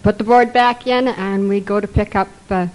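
In a low-quality recording, an older woman from Canada shares humorous recovery anecdotes with a group, laughing softly as she goes and quoting other people's voices. Her pitch is medium and her voice a bit mellow, with fairly even intonation and a moderate pace.

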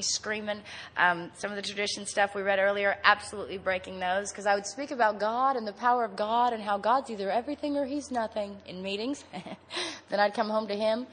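An adult woman giving a candid personal testimony at a recovery meeting, animated and laughing often. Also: mid-range voice, fairly quick, a little hiss or hum.

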